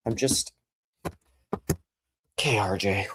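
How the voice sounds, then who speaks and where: A man's voice: lowish voice, moderate pace, a little mellow. Casting: male streamer, digressive and wry, chatting off the cuff from his home. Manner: rambling, joking, digressive. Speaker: live streamer. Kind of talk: casual livestream monologue.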